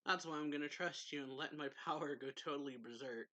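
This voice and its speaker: Man reading lines as a brash insistent young hero, bright tone. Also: fairly high pitch, a little fast. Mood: pushy. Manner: pushy, insistent.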